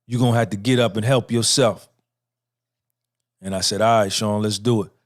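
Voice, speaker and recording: A man's voice: lowish voice, fairly even intonation, normal speed. A middle-aged man hosting a podcast, giving a profane, repetitive motivational monologue and talking back and forth with himself. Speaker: podcast host.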